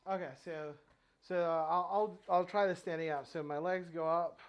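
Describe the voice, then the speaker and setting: Brief: slightly high-voiced man, winded, counting reps and rambling through a home workout. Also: steady tone, moderate pace. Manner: counts reps aloud, rambling and self-correcting. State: out of breath. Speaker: fitness vlogger. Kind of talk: casual workout commentary. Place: home floor workout with his dog nearby.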